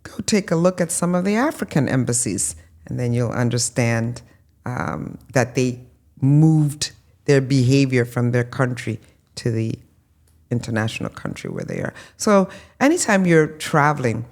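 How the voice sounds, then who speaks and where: A woman, a guest in an interview, telling lively stories with many ums and restarts and acting out what people said. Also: extremely low pitch, moderate pace. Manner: animated storyteller, acts out quoted voices. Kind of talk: conversational interview.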